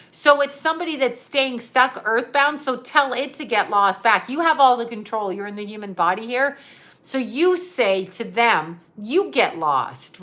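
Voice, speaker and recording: A rather high, slightly bright female voice belongs to a psychic medium hosting a relaxed livestream. She rambles and chats, laughs often, and reads comments from viewers aloud while answering them.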